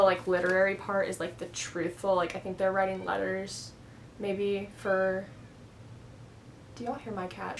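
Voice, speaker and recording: Casting: young adult woman, home vlogger, rambling, filler-heavy, mid pitch, faint background hum. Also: poor audio. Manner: chatty, rambling, heavy use of "like". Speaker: book vlogger. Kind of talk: casual chat. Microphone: camera on a stand.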